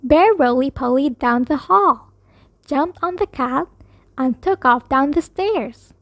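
A woman reads a children's picture book aloud with clear, expressive storytelling. She takes her time over every phrase in a high voice. The recording is close and dry. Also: slow, no echo. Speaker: storybook reader.

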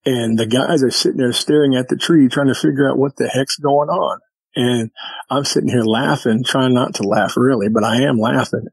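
A man's voice: medium pitch, moderate pace, creaky, breathy edge, no echo, low-quality recording. A man who is a podcast guest, telling a story in casual chat and acting out the exchanges with vivid detail.

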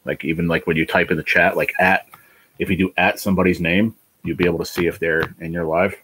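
A man's voice: sits low, little pitch movement, fast talker, fairly bright tone, husky, no echo, low-quality recording. A man hosting a casual livestream chat, worn down by illness, rambling and swearing as he vents his frustrations. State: ill, worn down. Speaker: livestream host.

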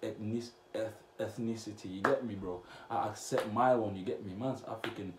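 Reacting to his vlog's comments, a young man from Cameroon talks casually in a fairly low voice at normal speed, slangy and blunt, now and then erupting loudly. Faint noise and echo fill the room.

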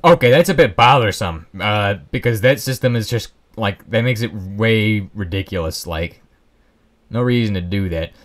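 A young man hosting a Let's Play comments casually on his own gameplay in a lowish, animated voice at normal speed. He rambles, mocks himself and tosses in joking asides.

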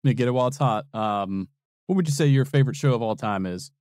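A man's voice: medium pitch, expressive, fast talker, darkish tone, no echo, clean studio sound. A man co-hosting a podcast, running a casual trivia game and laughing often. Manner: laughs often, playful quizmaster. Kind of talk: casual banter.

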